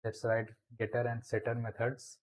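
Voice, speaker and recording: A man's voice: medium pitch, completely flat delivery, low-quality recording. A man explaining a programming lesson step by step as he types code in a screencast tutorial. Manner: slow, step-by-step explaining while typing.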